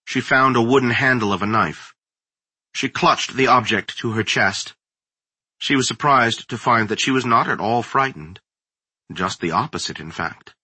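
Slow husky man narrating horror. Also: low-pitched, pushed and bright, dry recording. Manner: slow, deliberate, suspenseful reading. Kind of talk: scripted horror story narration.

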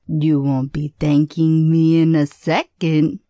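A woman voicing a cruel male tormentor in a hellish place who mocks his victim in a slow, relishing way. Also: low voice, level tone, warm tone, no room sound, pitched below the performer's own voice. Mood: mocking.

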